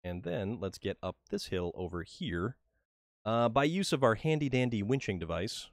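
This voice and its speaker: A man's voice: fairly low pitch, lively intonation, normal speed, no room sound, clean studio sound. A man from New England giving casual, joking commentary on his gameplay during a livestream, often repeating words as he starts a sentence. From New England, USA. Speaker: livestream gamer.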